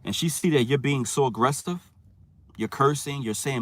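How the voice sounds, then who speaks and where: A man's voice: medium pitch, normal speed, fairly bright tone. A man rambles through a casual livestream talk, speaking in a mid-range voice. He stumbles and repeats words, and he tags almost every point with a questioning "right?" aimed at his viewers. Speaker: channel host talking to live viewers.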